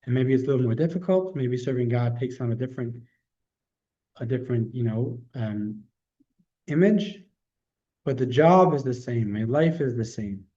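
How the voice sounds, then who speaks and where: Man quoting a devout male prisoner, steadfast, calm earnest reasoning, mellow tone, dull lo-fi recording. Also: mid-range voice, moderate pace, lightly acted.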